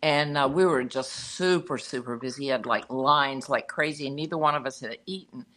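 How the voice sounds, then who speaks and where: Bright, chatty woman telling a story. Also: a bass voice, normal speed. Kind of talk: casual anecdote telling.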